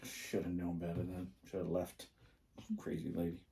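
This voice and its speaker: With a low, mellow voice and a monotone delivery at moderate pace, this middle-aged man co-hosts a podcast. His casual chatter drifts through stories full of filler words.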